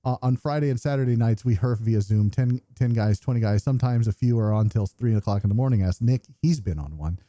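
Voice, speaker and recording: A man's voice: medium pitch, fairly quick, hardly any pauses, dark tone, no echo, studio quality. Joking, swearing American man. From United States. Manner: profane, joking, self-deprecating. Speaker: podcast co-host. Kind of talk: casual chat, reading listener feedback. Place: home, remote call.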